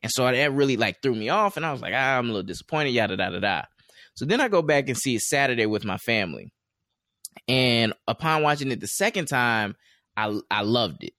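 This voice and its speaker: A man's voice: mid-range voice, animated, a little fast, sharp tone, no echo, clean studio sound. A man co-hosting a casual chat show, talking in a loose, rambling way with many fillers and restarts. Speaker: podcast co-host.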